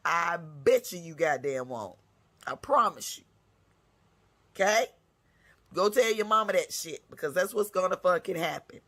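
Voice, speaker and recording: A woman's voice: fairly low pitch, expressive, a little slow, pauses often, a bit bright. A woman hosting her own segment, delivering a blunt, scolding rant full of cursing. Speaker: segment host. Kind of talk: profane ranting monologue.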